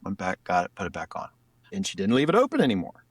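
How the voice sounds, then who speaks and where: A man casually retelling a personal story in a clip, rambling a little and lively as he goes. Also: deep voice, fast, dry recording, recorded from a distance.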